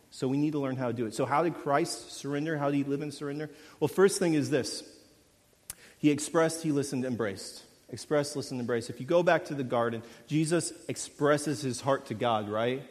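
A young man delivers a casual, animated sermon in a fairly high voice. He swings between loud bursts and quiet asides as he preaches. The sound carries a long reverb from a large hall. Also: normal speed.

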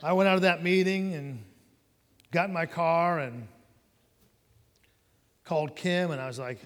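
A man's voice: a little high, unhurried, pauses often, fairly bright tone. Storytelling man in an echoing hall. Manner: storytelling, conversational, addresses listeners directly. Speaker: preacher giving testimony. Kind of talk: personal testimony sermon. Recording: long hall reverb.

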